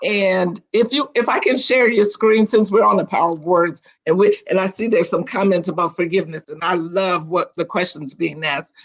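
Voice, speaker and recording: An older woman, a guest on a video call, telling stories in a chatty, animated way and often restarting her sentences. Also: on the low side, moderate pace, hardly any pauses. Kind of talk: casual storytelling on a video call.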